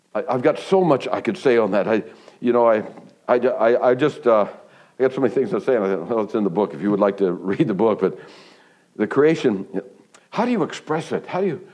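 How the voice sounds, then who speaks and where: A man preaching a sermon who tells stories with growing excitement, often restarting his sentences. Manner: animated storytelling, pitch climbing high when excited; restarts and stumbles, laughs between phrases. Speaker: pastor.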